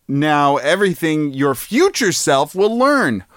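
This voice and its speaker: A man co-hosting a podcast in a casual, playful chat, theatrical and quick to laugh. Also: a little high, sing-song, fairly bright tone, dry recording, studio quality. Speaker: podcast co-host.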